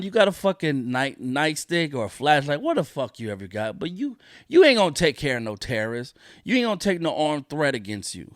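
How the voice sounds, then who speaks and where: A man's voice: fairly high pitch, very animated, moderate pace, fairly bright tone, no room sound, studio quality. A man hosting a solo podcast, ranting in a profane, indignant way and repeating his points for emphasis. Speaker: podcast host.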